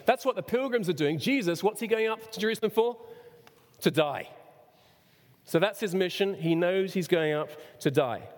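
A man preaching a sermon, who asks the congregation questions and sometimes breaks into a shout. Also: high-pitched, moderate pace. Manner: expressive preaching, rhetorical questions, sudden shouts. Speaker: pastor. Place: church. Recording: long reverb of a church hall.

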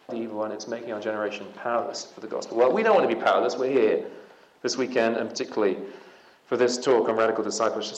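A man giving an evangelical conference talk, conversational and punchy, with emphatic rising passages. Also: mid-range voice. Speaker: conference speaker. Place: conference hall. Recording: echoey hall.

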